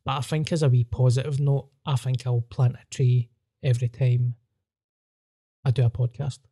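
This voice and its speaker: A man's voice: mid-range voice, little pitch movement, moderate pace, dark tone, husky. A man with a Scottish accent, co-hosting a podcast in easygoing casual chat.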